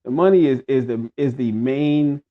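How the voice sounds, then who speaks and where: A man's voice: medium pitch, normal speed, crowd noise. Slangy man on a dull remote line. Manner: slangy and argumentative, repeats himself. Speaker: co-host. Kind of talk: casual political chat.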